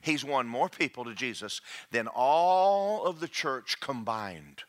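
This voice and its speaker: A man's voice: mid-range voice, slow. A man preaching a sermon to a congregation, joking and checking in with the room. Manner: animated, jokey, checks in with the congregation.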